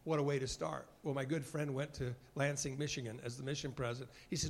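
A man's voice: mid-range voice, level tone, quick pace. A man giving an earnest sermon, bearing testimony and acting out short dialogues from his time as a mission president, at moments choked up with emotion. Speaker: former mission president giving a devotional talk.

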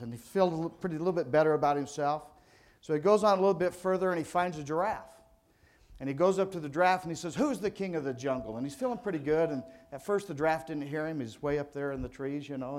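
A man's voice: a little high, a little mellow. An older man from California giving a motivational talk to fellow insurance salespeople. He tells stories in a folksy, conversational way, and his voice sits slightly above the usual male range. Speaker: insurance agent speaking at a sales event. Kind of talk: motivational speech.

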